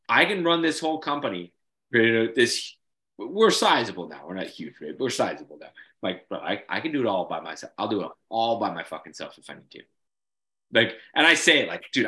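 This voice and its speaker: A young man who owns a bounce house business hosts a casual business chat on his podcast. His voice is on the low side, pushed and bright, and he swears freely while saying "bro" and "like" constantly.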